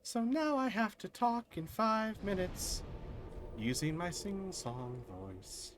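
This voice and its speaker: A streamer gives live commentary over a punishing video game. The pitch swings widely as they yelp and laugh at their own deaths, and the talk runs unhurried between outbursts. The voice is bright, with faint noise behind it. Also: lively intonation.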